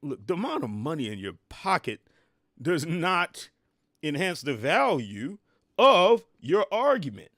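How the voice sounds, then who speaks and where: Middle-aged man as a reaction commentator. His voice is dry and close, and his pitch swings widely. He delivers animated, exclamatory commentary and answers back at the clip he is watching. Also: unhurried, no room sound. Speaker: commentator reviewing an interview clip.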